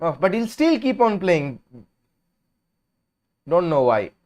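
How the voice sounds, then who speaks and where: High-voiced man giving casual match commentary. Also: slow. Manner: chatty and opinionated, drifting between lively calls and low mumbles. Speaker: host of a live watch-along stream.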